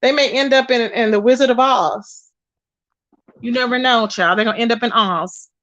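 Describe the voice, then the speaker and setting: A woman hosting a live stream, reading her chat aloud and gossiping in an animated, chatty way, calling her viewers baby and child. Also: fairly high pitch, moderate pace, no echo, lo-fi sound. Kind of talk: casual gossip commentary.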